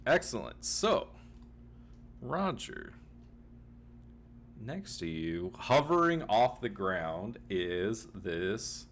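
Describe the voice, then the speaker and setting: A man's voice: on the low side, big pitch swings, drawn-out words, pauses often. A man narrating a tabletop game as game master, rambling with many fillers, on a home computer mic.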